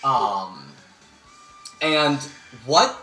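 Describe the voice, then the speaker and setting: A man's voice: mid-range voice, very animated, extremely slow, pushed and bright, soft background music. A man narrating a tabletop game as game master, hesitating with frequent ums. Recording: echoey room.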